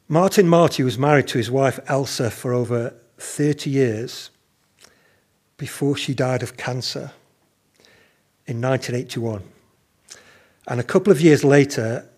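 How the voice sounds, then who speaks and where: A man preaching a sermon at a slow, measured pace, stressing his key questions. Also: medium pitch, darkish tone, breathy edge.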